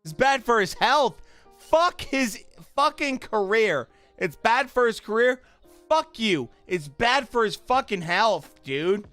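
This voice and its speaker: A fired-up young man reacting live on a stream, swearing a lot as he shouts out bursts and then trails off into low mutters. His voice sits a little high and he talks slowly and heavily. Faint music plays behind him. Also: lively intonation, smooth. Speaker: streamer reacting to a boxing fight.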